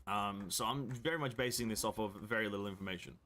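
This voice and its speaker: A man's voice: lowish voice, fast talker, bright, forceful tone. Rambling Australian man chatting mid-game. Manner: rambling, restarts sentences, swears offhandedly. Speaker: game streamer. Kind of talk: casual chat while gaming.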